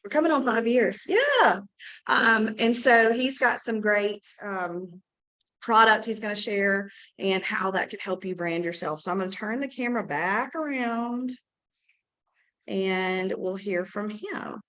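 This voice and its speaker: A woman with a hoarse, scratchy voice runs a casual team meeting in an office. She speaks at a medium pitch and keeps things upbeat, chatty and a bit rambling. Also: unhurried, a bit bright. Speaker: team leader hosting a meeting.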